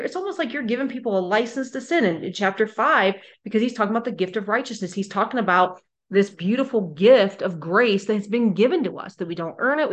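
A woman giving an earnest, emphatic Bible teaching, acting out quoted voices as she goes. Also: medium pitch. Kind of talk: sermon-style teaching video.

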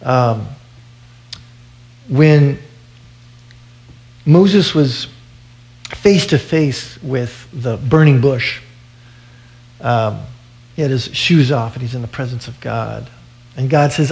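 A man preaching a sermon in an earnest, steady way at a mid pitch. He often stumbles over his openings and repeats words before carrying on. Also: takes it slowly, creaky, long pauses. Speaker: pastor.

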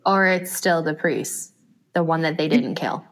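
A woman's voice: low voice, a little slow. A woman co-hosting a book podcast, chatting casually, laughing often and acting out scenes. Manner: animated, laughs often, acts out quotes. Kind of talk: casual chat.

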